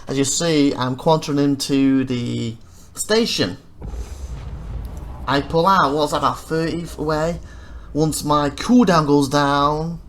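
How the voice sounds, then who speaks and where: Rambling man narrating his gameplay. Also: a little high. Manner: rambling, self-correcting, animated when retelling frustrations. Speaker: let's play host. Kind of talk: casual gameplay commentary.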